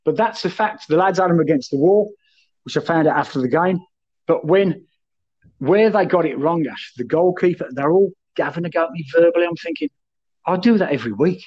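A man's voice: fairly high pitch, a little fast, a little mellow, lo-fi sound. A man telling rowdy, sweary football stories in casual chat, addressing the host by name again and again. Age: 30s then, now older. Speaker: guest, former footballer.

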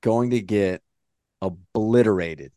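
A man co-hosting a podcast in casual chat, animated and swearing freely as he jokes around. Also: lowish voice, slow pace, no echo, studio quality. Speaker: podcast co-host.

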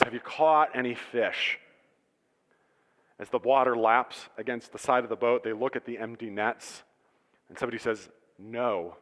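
A man's voice: mid-range voice, fairly bright tone. A male pastor preaching a sermon in a church, retelling a story conversationally with humorous asides. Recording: reverberant church hall.

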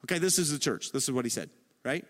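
A middle-aged man preaching a sermon as pastor, animated and calling on the congregation to respond. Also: mid-range voice, quick pace. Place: church auditorium. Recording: long reverb of a large hall.

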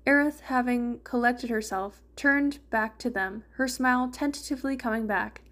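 A woman's voice: on the high side, moderate pace, fairly bright tone. A woman reading a fan fiction story aloud, narrating and lightly voicing the characters. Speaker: fanfiction reader.

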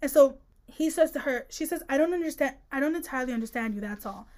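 A woman co-hosting a podcast, chatting casually about a book, slangy and animated, acting out the characters' lines as she retells scenes. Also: high voice, quick pace. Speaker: podcast co-host. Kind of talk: casual book-discussion chat.

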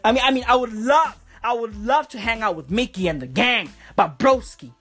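A woman with a husky voice, doing a profane, slang-heavy comic rant. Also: a little high, normal speed, few pauses, soft background music. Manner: profane, repetitive, animated slang. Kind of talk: comedic rant monologue.

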